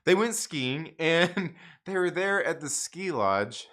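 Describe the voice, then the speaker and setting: A man with a bright, somewhat high voice tells a long story on a live stream. He rambles, restarts and swears freely, and his delivery turns animated as he goes. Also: takes it slowly. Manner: rambling, profane, animated with frequent laughs. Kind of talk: casual storytelling monologue.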